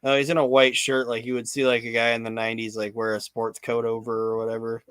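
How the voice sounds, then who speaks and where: A man in casual podcast chat, retelling events in a profane, animated way and quoting people as he goes. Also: mid-range voice, fast talker, clean tone, no echo. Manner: profane, animated storytelling with quoted voices. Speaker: podcast co-host. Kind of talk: casual chat recapping wrestling.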